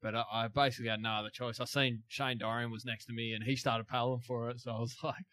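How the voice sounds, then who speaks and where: A man's voice: mid-range voice, level tone, fast, hardly any pauses, pushed and bright. A man, a guest in a studio telling a story casually, chuckling and restarting as he goes. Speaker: big wave surfer guest.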